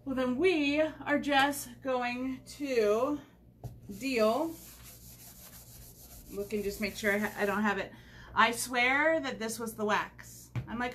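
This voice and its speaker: Chatty lady doing a live craft tutorial from home, bit high voice, faint room hum. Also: slow, a bit bright. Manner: chatty, rambling, with frequent fillers. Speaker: craft demonstrator. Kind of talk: casual livestream tutorial.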